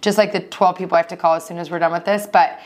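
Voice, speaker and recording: A woman in her thirties co-hosting a podcast, chatting casually and teasing her friend, quick to laugh. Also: on the low side, steady tone, darkish tone. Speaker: podcast co-host. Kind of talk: casual chat.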